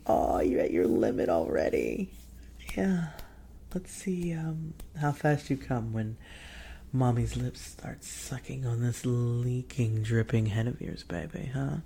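A woman in a whispered role-play, taking her time over every phrase and slipping into a gravelly fry. She teases and gives orders, with soft laughs between lines. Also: a bass voice, slight background noise. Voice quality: often whispered. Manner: teasing, commanding, laughs softly. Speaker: audio role-play performer.

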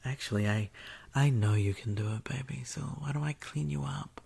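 A woman in a teasing, breathy whispered role-play, taunting the listener. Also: rumbling low, normal speed, warm tone, slight background noise. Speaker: erotic audio performer.

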